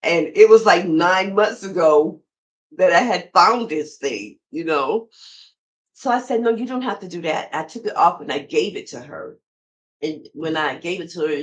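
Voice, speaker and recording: A woman's voice: fairly low pitch, rough recording. A middle-aged woman hosting a podcast, telling a personal story in a conversational way and talking straight to her listeners. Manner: conversational, addresses listeners directly. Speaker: podcast host.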